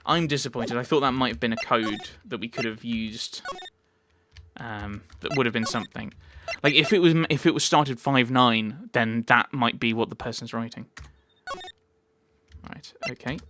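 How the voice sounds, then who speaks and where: A man's voice: medium pitch, normal speed, sharp tone, slight background noise. A man giving casual commentary on a playthrough of a game, thinking aloud and correcting himself as he goes. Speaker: let's play commentator. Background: game music.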